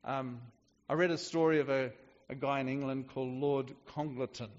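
A man's voice: mid-range voice, fairly even intonation, normal speed, big-room sound, muffled recording. A man preaching a sermon in a conversational way, often restarting his sentences. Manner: conversational with frequent restarts and fillers.

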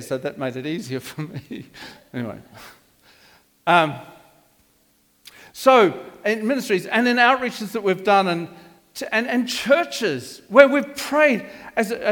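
High-voiced older male preacher in echoey church. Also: a bit bright. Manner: rambling, digressive, with frequent restarts. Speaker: pastor. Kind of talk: sermon. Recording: echoey hall reverb.

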